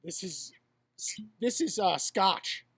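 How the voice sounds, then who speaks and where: A man's voice: high voice, lively intonation, slow, fairly bright tone, slightly rough. A man co-hosting a casual podcast, rambling through stories and swearing freely. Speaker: podcast co-host. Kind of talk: casual chat.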